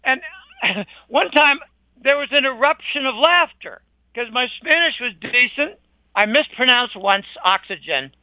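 A man's voice: extremely high pitch, expressive, unhurried, dry recording. An older man speaking as an interview guest in an emphatic, indignant, scornful conversational monologue. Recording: dull lo-fi dry recording.

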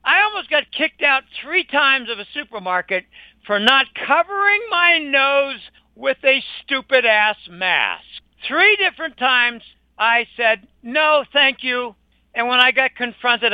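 A man's voice: very high voice, expressive, a little slow, dry recording. An older man speaking as an interview guest in an emphatic, indignant, scornful conversational monologue. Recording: dull lo-fi dry recording.

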